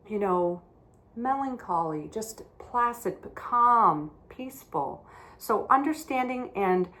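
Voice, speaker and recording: A woman teaching young children, speaking gently, with simple, repeated words. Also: mid-range voice.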